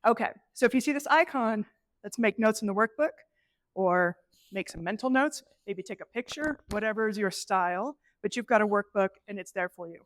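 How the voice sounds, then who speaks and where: A middle-aged woman presenting a live workshop, animated and conversational, acting out inner voices as she teaches. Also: medium pitch, a little fast, no echo. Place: event space with an audience.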